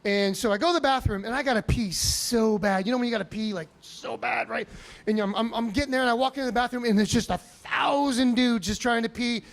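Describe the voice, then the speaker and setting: A comedian from Chicago telling animated stories on a comedy club stage, with sudden loud outbursts. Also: male voice, extremely high pitch, fairly quick, gravelly. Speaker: stand-up comedian. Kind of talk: stand-up set.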